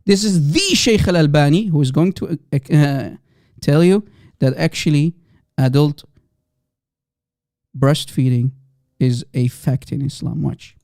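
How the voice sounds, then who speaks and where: A man hosting a livestream, reacting to clips with laughing, excitable, mocking asides to viewers. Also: fairly high pitch, a little slow, dry recording, studio quality. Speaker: livestream host. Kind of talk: live reaction commentary.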